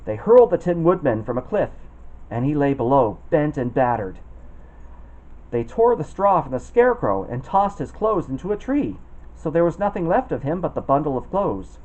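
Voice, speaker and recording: A man reads a children's picture book aloud in a slightly high, lively voice that rises and falls a lot. The recording is dull and lo-fi, like a home setup. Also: moderate pace. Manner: expressive, puts on voices for the characters. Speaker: storybook reader. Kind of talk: reading a children's storybook aloud.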